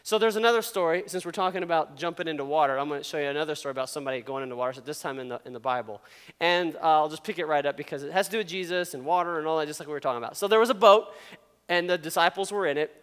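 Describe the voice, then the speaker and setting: A youth pastor with a slightly high, bright, clean voice talks rapid-fire in a casual, playful sermon, laughing often and asking the audience questions. He's in a large hall with an audience, and long hall reverb trails his words.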